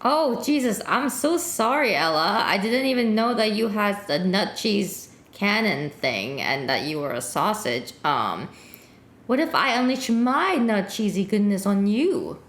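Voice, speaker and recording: A woman's voice: medium pitch, sing-song, a little slow, a bit bright, reverberant. A woman streamer chatting playfully with an AI, teasing it. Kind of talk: casual chat with an AI on stream.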